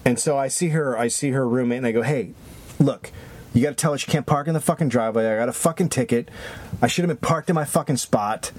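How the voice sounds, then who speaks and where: A man co-hosting a podcast, telling a long, rambling story in casual chat, animated and swearing constantly. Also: medium pitch, fast talker, slightly rough. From lives in Los Angeles. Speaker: podcast co-host.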